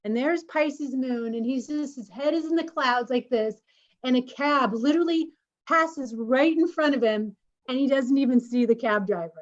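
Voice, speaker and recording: A woman's voice: high-pitched, normal speed. Woman telling a story on a video call. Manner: animated, laughs while telling a story. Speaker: co-host of an online community meeting. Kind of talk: personal storytelling. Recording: slightly dull video call audio.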